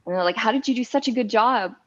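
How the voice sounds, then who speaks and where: A woman's voice: on the high side, fast. A young woman co-hosting a live stream, chatting casually and laughing as she tells stories. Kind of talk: casual chat. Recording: slightly dull lo-fi stream audio.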